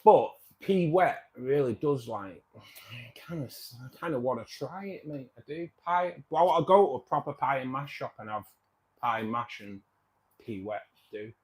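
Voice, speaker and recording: A man's voice: mid-range voice, normal speed, a little mellow. A man hosting a casual livestream, chatting with viewers in a rambling way, repeating himself and calling people mate. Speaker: livestream host.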